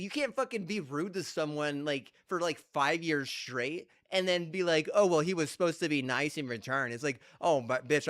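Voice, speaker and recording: A man with a slightly high, fairly bright voice streams a game while ranting heatedly and profanely, firing off one rhetorical question after another.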